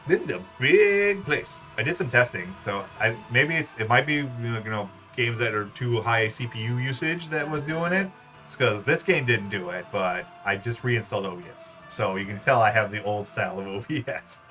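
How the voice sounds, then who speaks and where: An animated, rambling man streaming a game. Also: mid-range voice, moderate pace, faint music behind. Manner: rambling, animated, laughs often. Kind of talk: casual gameplay commentary.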